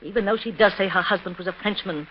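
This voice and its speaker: An actress playing a scheming, sharp-tongued niece who switches between biting scorn and sugary sweetness, in a 1930s radio drama. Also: medium pitch, fast, slight background noise, close to an everyday voice. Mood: impatient. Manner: scornful and biting, sugary when it suits her. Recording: dull lo-fi 1930s radio recording.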